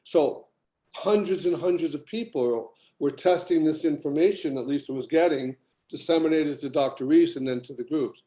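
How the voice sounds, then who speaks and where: An older man with a mellow, somewhat high voice tells long, rambling stories in a casual podcast chat. He livens up when he quotes other people. The sound is roomy and echoey. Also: normal speed. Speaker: healing practitioner guest.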